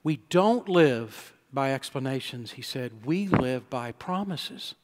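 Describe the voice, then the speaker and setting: A man's voice: mid-range voice, lively intonation, slow pace. Preacher man with ringing hall reverb. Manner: storytelling preacher, swelling to loud emphatic peaks. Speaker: pastor. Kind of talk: sermon. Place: church sanctuary. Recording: long church-hall reverb.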